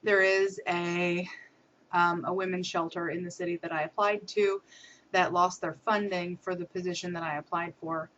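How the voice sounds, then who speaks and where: A woman's voice: fairly low pitch, flat delivery, normal speed, fairly bright tone, a little hiss or hum. A young American woman giving a casual video diary update, talking in a chatty, upbeat way with frequent ums and little laughs. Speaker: vlogger. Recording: muffled lo-fi camera audio.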